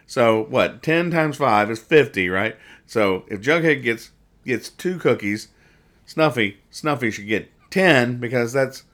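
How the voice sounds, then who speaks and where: Rambling man with a lively voice. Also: medium pitch. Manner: rambling, self-deprecating, restarts a lot. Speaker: podcast host. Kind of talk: casual comic-strip commentary.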